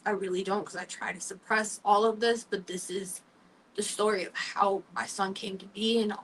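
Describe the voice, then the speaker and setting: A young woman hosting a talk show, telling her own story candidly and emotionally, halting often with fillers. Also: mid-range voice, fairly even intonation, fairly bright tone, far from the mic, slight background noise, poor audio. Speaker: podcast host. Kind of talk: personal storytelling.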